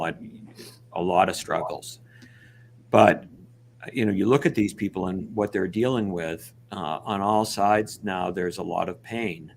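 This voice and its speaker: A man's voice: sits low, vocal fry, slight background noise. A man speaking earnestly and reflectively as a guest on a panel discussion, often restarting his sentences.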